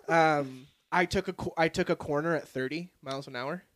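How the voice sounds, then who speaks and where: A man's voice: on the high side, normal speed, a bit bright. A young man hosting a podcast, telling a story in casual chat and swearing freely. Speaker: podcast host.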